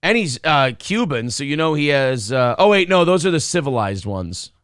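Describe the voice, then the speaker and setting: A brash man co-hosting a morning live stream, his voice sitting a little high for a man. He reads viewer messages aloud and trash-talks rivals with cocky swagger. The sound is dry and close, with no room in it. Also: big pitch swings, normal speed, a bit bright, clear, resonant tone, no room sound. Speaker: co-host of a morning show. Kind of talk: casual live-stream banter.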